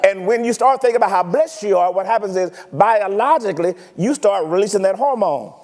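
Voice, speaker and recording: High-voiced preacher in an echoing church. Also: male voice, brisk. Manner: animated, teasing preaching with rhetorical questions. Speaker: pastor. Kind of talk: sermon. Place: church sanctuary.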